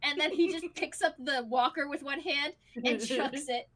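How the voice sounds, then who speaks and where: A woman's voice: sits high, normal speed, heavy background noise. A woman running a tabletop game as game master, chatty and full of fillers, narrating scenes and acting out sounds.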